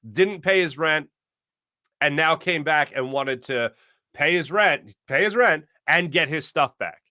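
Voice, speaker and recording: A man in his late thirties, a sports show host, telling a story in a casual, animated way, laughing often and acting out the quotes. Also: fairly high pitch, no echo, clean studio sound.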